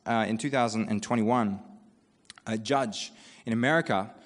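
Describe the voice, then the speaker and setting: A man with an Australian accent preaches a sermon in a conversational, animated way. He breaks off into quoted asides. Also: lowish voice, moderate pace. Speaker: pastor. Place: church. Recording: long church reverb.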